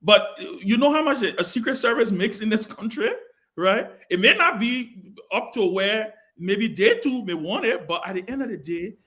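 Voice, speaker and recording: A man's voice: high-pitched, a bit bright. A Liberian man chairing a televised panel debate, arguing with passion and repeating himself to hold the floor. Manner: passionate, repeats words while holding the floor. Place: television studio.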